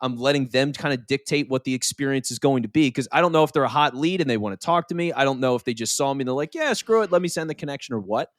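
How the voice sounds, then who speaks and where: An energetic male podcast guest explaining his ideas in easy conversation, often stumbling over the first word of a phrase. He speaks at a medium pitch on a dry, close recording. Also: quick pace, hardly any pauses, dry recording. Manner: energetic, conversational, repeats words as he starts phrases. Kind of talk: casual conversational interview.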